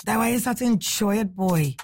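A young woman, hosting a casual morning radio show, lively and chatty. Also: mid-range voice, fairly quick. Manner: lively, chatty, laughs often.

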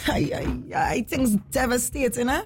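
Trinidadian accent, woman, talk radio host, animated, husky voice, soft music behind. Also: high-pitched, measured pace. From Trinidad and Tobago. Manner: animated, chatty, slips into dialect and mimicry. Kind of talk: casual talk radio commentary.

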